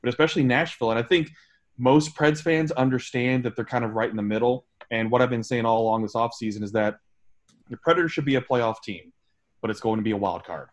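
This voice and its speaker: A man's voice: medium pitch, fast. Male podcast host, casual hockey talk, conversational and teasing. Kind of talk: casual sports chat.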